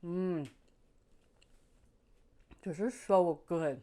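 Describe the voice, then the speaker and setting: Young woman vlogger chatting between bites, lowish voice, bubbly and gushing. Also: normal speed. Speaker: food vlogger. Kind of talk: casual mukbang food review.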